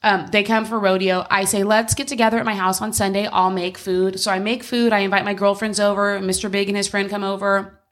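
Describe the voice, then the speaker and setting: A woman's voice: medium pitch, little pitch movement, fairly quick, a bit bright. A woman co-hosting a podcast from home, telling a personal story in casual chat, candid and swearing freely. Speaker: podcast co-host.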